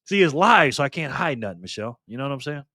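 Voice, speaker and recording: A man's voice: medium pitch, sing-song, fast talker, bright, forceful tone, dry recording, clean studio sound. A man hosting a casual live stream, greeting chat members by name and teasing them in a playful way.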